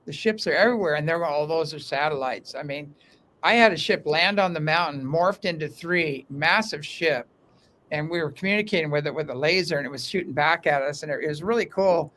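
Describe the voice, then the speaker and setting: A man talking as a guest in a casual interview, telling stories in an animated way with frequent restarts, speaking from an underground room. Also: a little high, fairly quick, slight background noise. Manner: animated, talkative storyteller with many restarts.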